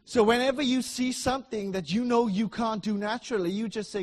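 A middle-aged man preaching a sermon in a church, emphatic and repetitive, swinging between loud declarations and soft asides. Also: sits high, steady tone, a little fast, hardly any pauses.

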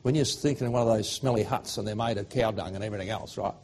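A middle-aged Australian man preaching a sermon, swinging from loud fervent declarations to hushed, emotional storytelling. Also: fairly low pitch, fast talker, husky.

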